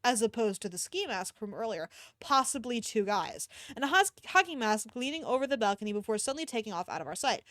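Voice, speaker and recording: A woman streamer reading fanfiction aloud, breaking off into animated, cursing asides. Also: on the high side, fast, few pauses, no room sound, studio quality.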